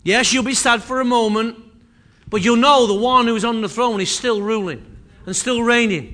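High, bright-voiced preacher. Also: male voice, moderate pace. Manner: impassioned, repetitive preaching with rising and falling intensity. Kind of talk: sermon.

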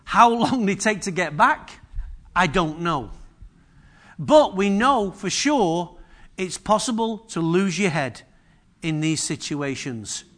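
A man's voice: high voice, lively intonation, slow, a bit bright. A man preaching a sermon in a humorous, chatty way, often asking the congregation questions.

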